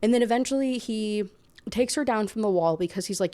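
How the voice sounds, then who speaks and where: A young woman talks through a book's plot in a loose, ranting way. She is sarcastic and exasperated and leans on "like" as she goes. Her voice sits in an ordinary middle pitch for a woman. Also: lively intonation, moderate pace, warm tone. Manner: sarcastic, exasperated, filler-heavy storytelling. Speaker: book reviewer. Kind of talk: casual ranting book review.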